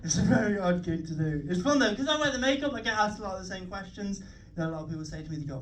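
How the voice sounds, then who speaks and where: A young man with a Liverpool accent performs a sweary, self-mocking stand-up set on a comedy club stage, chatting with the crowd. His voice is high and lively, and he talks fast with hardly any pauses. The live club mic picks him up from a distance, with background noise and audience laughter.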